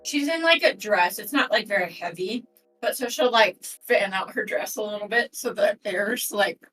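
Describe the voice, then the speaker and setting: A woman's voice: medium pitch, moderate pace, pushed and bright, far from the mic, soft background music, low-quality recording. A woman playing a tabletop role-playing game, describing her character casually with lots of filler words. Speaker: player.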